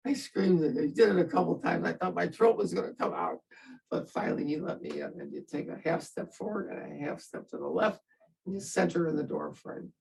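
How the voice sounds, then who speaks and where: A man's voice: fairly high pitch, big pitch swings, brisk, creaky, a little mellow, distant mic, poor audio. An older man, a veteran, telling his story in an interview in a wry, self-mocking way and laughing at himself.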